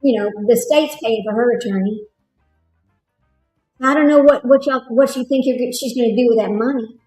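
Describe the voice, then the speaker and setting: A woman's voice: on the high side, normal speed, a little mellow, echoey room, soft background music, rough recording. Chatty Texan woman livestreaming. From Texas. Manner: chatty, laughs often, talks to viewers. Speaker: livestream host. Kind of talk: casual livestream commentary.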